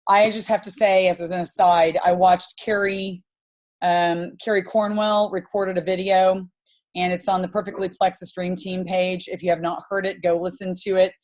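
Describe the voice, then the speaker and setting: A woman's voice: fairly low pitch, little pitch movement, normal speed, a little mellow. A woman in her forties hosting a business team video call, telling a story in a chatty, enthusiastic, rambling way with plenty of fillers.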